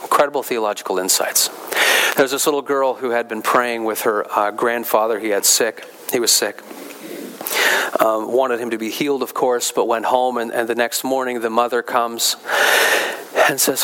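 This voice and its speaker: A man's voice: medium pitch, fairly even intonation, normal speed, a bit bright, slight background noise. A man preaching a sermon in a church, talking conversationally with asides and rising emphasis. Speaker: pastor.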